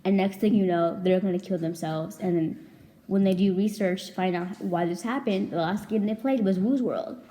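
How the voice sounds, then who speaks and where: A woman's voice: mid-range voice, normal speed, mellow. A young woman vlogging a casual storytime, rambling and chatty, packed with "like" and casual swearing. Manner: chatty, rambling, heavy filler "like", swears freely.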